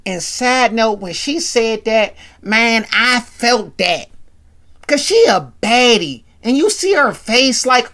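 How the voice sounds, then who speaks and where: A woman hosting a show, casually recapping a TV episode with animated, slangy asides. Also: a little high, slow. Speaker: show host.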